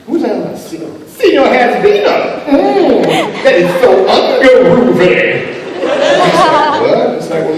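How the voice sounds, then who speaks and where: A man answers questions at a convention panel, animated and joking, laughing through his stories. His pitch swings widely as he talks. He is picked up from a distance in a reverberant hall over a loud crowd. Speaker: voice actor panel guest.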